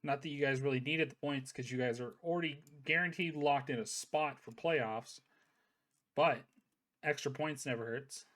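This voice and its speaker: A man hosting an online gaming league's post-match interview. He talks in a loose, chatty way, full of upbeat praise and quick asides, at an ordinary mid pitch. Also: fairly bright tone. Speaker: league host interviewing players.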